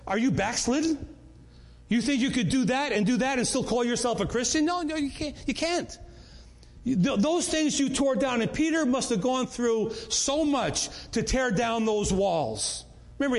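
High-voiced man teaching scripture. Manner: earnest, repeats words and restarts often. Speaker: Bible study teacher. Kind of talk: conversational Bible teaching.

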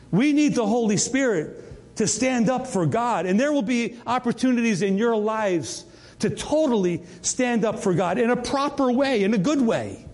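A man's voice: high voice, a little mellow. An older man preaching a sermon, telling his own story and often stammering and repeating words. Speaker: pastor. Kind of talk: sermon with personal testimony. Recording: long reverb of a church hall.

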